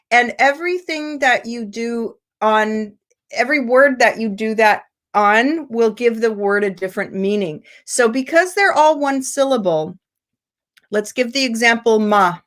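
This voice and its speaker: A woman from the United States teaching English pronunciation in an online seminar, explaining slowly and stretching out example words over a video call. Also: fairly high pitch, fairly bright tone. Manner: slow, deliberate explaining with drawn-out example words.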